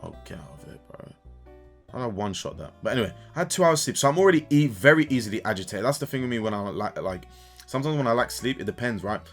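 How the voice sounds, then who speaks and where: A young man in casual gaming commentary, an animated storyteller who swears and keeps tagging "right?" as he vents about coaching. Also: medium pitch, rapid-fire, soft background music. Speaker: gaming YouTuber and kids' sports coach. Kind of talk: casual ranting commentary over gameplay.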